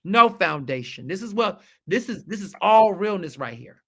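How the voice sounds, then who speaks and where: Emphatic high-voiced man. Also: moderate pace, creaky. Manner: emphatic, animated, repeats points for effect. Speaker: podcast guest, journalist. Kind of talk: casual chat.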